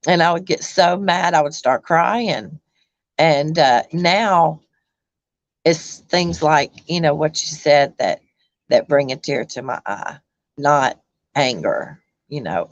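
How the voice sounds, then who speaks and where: A woman chatting on a livestream, halting with many ums and restarts as she reads viewer comments. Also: deep voice, no echo, lo-fi sound. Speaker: YouTube livestream host. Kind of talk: casual livestream chat reading comments.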